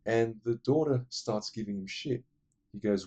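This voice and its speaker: A man's voice: on the low side, a little slow, mellow, dull audio. A man rambling enthusiastically through casual film recommendations, full of fillers. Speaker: movie reviewer.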